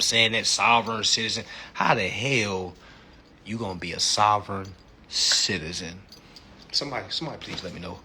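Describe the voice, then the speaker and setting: A man hosting a casual livestream chat, animated and profane, laughing often and peppering his talk with slang. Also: lowish voice, breathy edge. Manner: slangy, repeats "you know what I'm saying". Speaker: livestream host.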